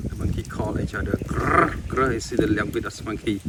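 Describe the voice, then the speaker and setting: A man with filming monkeys outdoors at sunset, chattering in excited, repetitive exclamations. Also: fairly low pitch, brisk. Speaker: wildlife vlogger filming monkeys. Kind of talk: casual live commentary while filming. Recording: distant outdoor camera audio with noise.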